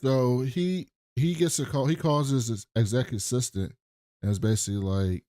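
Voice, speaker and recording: A man's voice: medium pitch, moderate pace, mellow, dry recording, studio quality. A man co-hosting a podcast, casually and profanely retelling scenes from a TV episode. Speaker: podcast co-host. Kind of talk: casual TV recap chat.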